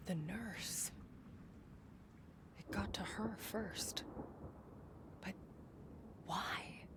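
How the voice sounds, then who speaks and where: An actress voicing a weary, haunted female medium in whispered role-play, with a hushed inner-monologue delivery. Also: mid-range voice, very slow. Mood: grim. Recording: game audio under loud noise.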